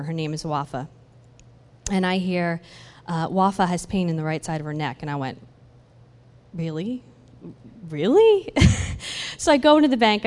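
A church speaker, a woman with a medium-pitched voice, shares her faith testimony with animated storytelling, acting out the conversations and laughing along the way. Long hall reverb fills the recording.

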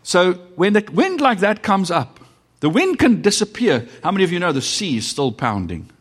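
A middle-aged man with a South African accent preaching a sermon as pastor, with dramatic pauses and sudden shifts between loud and hushed delivery. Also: sits high, big pitch swings. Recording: long reverb of a hall.

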